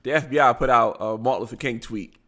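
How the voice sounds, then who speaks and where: A man's voice: medium pitch, quick pace, a bit bright. A man with a Baltimore accent, hosting a live show, reading news aloud with stumbles and blunt asides. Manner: reads articles aloud, stumbling over words and adding blunt asides.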